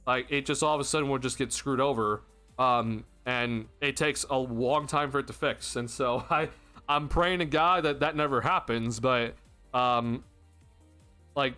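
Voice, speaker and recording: A man's voice: mid-range voice, pushed and bright, smooth. Exasperated young man ranting on stream. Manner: exasperated, laughing, rambling with restarts. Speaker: sports streamer. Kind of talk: ranting postgame livestream.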